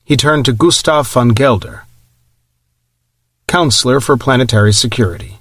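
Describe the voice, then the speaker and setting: A man narrating an audiobook in an even, measured reading. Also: medium pitch, slightly rough, no echo, studio quality. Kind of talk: scripted narration.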